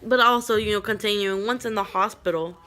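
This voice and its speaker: A woman's voice: mid-range voice, fairly quick, pushed and bright. A young woman telling a personal story to the camera in a rambling, emotional way, raising her voice when she quotes others. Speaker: vlogger.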